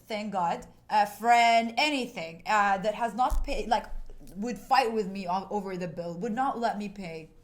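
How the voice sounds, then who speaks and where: A woman co-hosting a casual chat, animated and emphatic, giving her opinions and laughing often. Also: mid-range voice, a little slow. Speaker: co-host.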